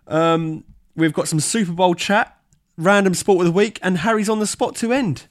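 Chatty English podcast co-host. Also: male voice, sits high, moderate pace, no room sound, studio quality. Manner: chatty, laughs easily, hypes announcements. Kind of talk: casual chat.

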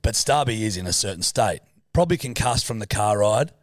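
Speaking a little fast with lively intonation, this Australian podcast co-host in his thirties has a voice on the low side. He swears freely while recounting a rowdy tale and mimics the voices of its characters. The sound is clean studio audio with no echo.

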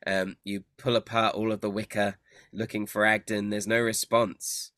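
A man's voice: fairly low pitch, little pitch movement, normal speed, fairly bright tone, no echo, studio quality. A man narrating a tabletop game as game master, laughing often.

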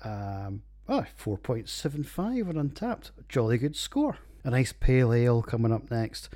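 A man's voice: mid-range voice, very animated, a little slow, mellow. A man with a Scottish accent hosting a casual solo podcast, rambling and jokey with plenty of swearing. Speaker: podcast host reviewing beers.

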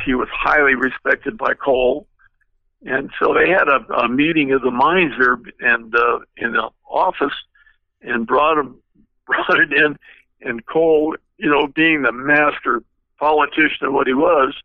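A man's voice: mid-range voice, a little slow, no echo, narrow, tinny audio. An older man, a guest car designer, telling long rambling anecdotes with many fillers in an interview. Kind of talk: storytelling interview.

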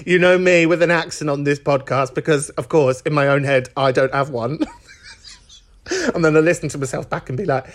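Chatty host with a lively, bouncing voice. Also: male voice, on the high side, normal speed. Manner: chatty, camp, laughs often. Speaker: podcast host. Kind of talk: casual chat.

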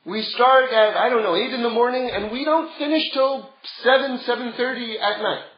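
Brief: high-pitched male Torah teacher, chatty then emphatic, roomy, dull lo-fi recording. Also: moderate pace. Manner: conversational, builds to emphatic. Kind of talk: Torah class.

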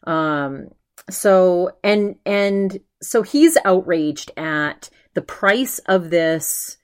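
A woman hosting her own podcast, talking in a loose, animated way with lots of restarts and fillers. Her voice sits a little low for a woman. She jumps into quick impressions of other people as she retells a story. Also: clear, resonant tone. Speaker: podcast host. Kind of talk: casual solo podcast chat.

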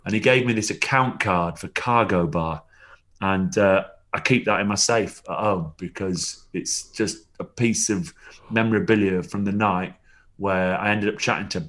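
A man's voice: deep voice, normal speed, fairly bright tone. A man, a former rugby player, telling rambling anecdotes with chuckles and frequent restarts in a casual interview.

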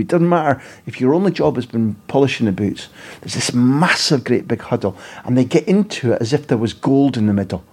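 Husky-voiced man telling football stories. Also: mid-range voice. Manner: animated, repeats phrases while building a story. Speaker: football journalist and podcast guest. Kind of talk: storytelling podcast chat.

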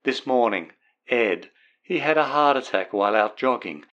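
A man's voice: mid-range voice, lively intonation, a bit bright, highs cut off, close to an everyday voice. Man putting on a sobbing young woman with fake American twang. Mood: tearful. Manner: sobbing, halting speech. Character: tearful young woman faking an American accent.

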